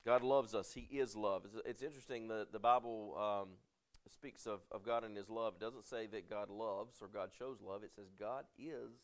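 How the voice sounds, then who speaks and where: A man preaching a conversational sermon, reading scripture slowly and loudly, then talking with the congregation using questions, fillers and restarts. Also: mid-range voice. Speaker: pastor.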